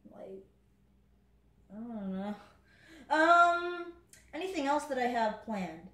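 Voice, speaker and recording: A woman's voice: high voice, animated, slow pace, sharp tone. A woman casually commentating her gameplay at home, rambling and chatting with the game as she plays. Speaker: gaming channel host. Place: home room. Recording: echoey room with game music. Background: game music.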